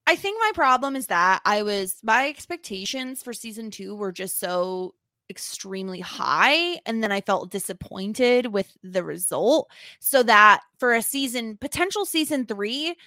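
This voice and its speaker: A woman co-hosting a podcast in casual chat, animated and quick to joke. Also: a little high, dry recording, clean studio sound. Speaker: podcast co-host.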